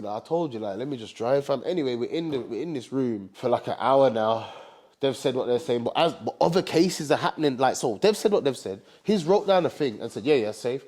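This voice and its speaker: Young man, from england, casual storytime, animated, slangy, slightly high voice. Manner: animated, slangy, repeats bro and fam.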